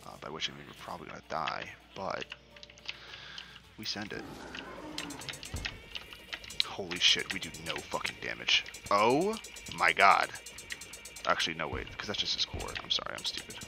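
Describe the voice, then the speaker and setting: A man with a low, gravelly voice talks through a video game in casual, profane commentary and swings between mumbling and loud trash talk. Music plays clearly behind him. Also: sing-song, normal speed, pauses often. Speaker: gaming commentator.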